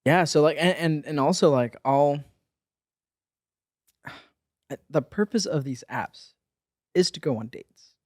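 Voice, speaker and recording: A man in his forties co-hosting a podcast, in casual chat, halting and repeating words, often laughing. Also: a little high, a little mellow, no echo, studio quality. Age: 40s. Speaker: podcast co-host.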